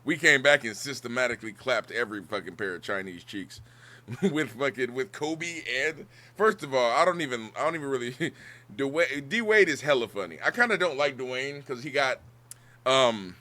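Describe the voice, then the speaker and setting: Lively, bright-voiced joking male streamer. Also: mid-range voice, normal speed. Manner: joking, swears a lot, laughs often. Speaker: streamer hosting a guest. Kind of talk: casual chat on a livestream.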